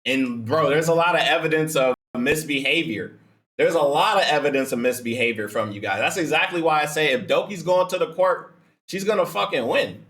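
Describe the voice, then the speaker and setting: A man hosting a reaction video, talking in excitable, profane, laughing banter. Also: on the high side, brisk, echoey room. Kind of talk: casual reaction commentary.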